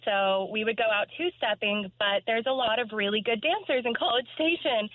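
A woman's voice: on the high side, normal speed, no echo. A woman from Texas calling in to a radio show, telling a story in a bubbly, chatty, self-deprecating way. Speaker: caller. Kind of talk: phone-in storytelling. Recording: tinny phone line.

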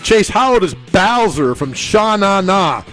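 A man hosting a casual radio show, quizzing his co-hosts with quick banter. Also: sits high, very animated, a bit bright, faint music behind, poor audio.

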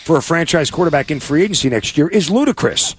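A man co-hosting a sports talk radio show, giving his opinions in a relaxed, conversational way with frequent fillers and restarts. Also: fairly high pitch, fast talker. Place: radio studio.

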